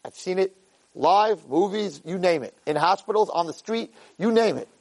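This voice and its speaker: A man in his fifties lecturing on Jewish ethics with a fairly high voice. He talks in a lively, repetitive way, dipping low for asides and shooting up high for shouted quotes, and drops Hebrew and Yiddish words along the way. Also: normal speed, low-quality recording. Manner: uses Yiddish and Hebrew terms, repeats phrases for emphasis. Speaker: rabbi lecturer. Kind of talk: Jewish ethics talk to a live audience.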